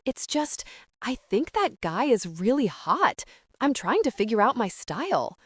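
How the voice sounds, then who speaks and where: Woman reading a teenage girl, flustered, apologetic, lively swooping pitch, dry close audiobook sound. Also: a little slow, slightly rough, no room sound, heavily acted. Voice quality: voice rising squeaky when flustered. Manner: apologetic, tumbling words.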